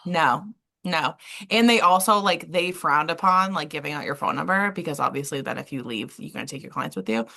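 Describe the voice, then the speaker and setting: A woman's voice: deep voice, fairly quick, vocal fry, bright, forceful tone. A young woman co-hosting a podcast, a waxer in casual chat who laughs often and acts out quotes from a story.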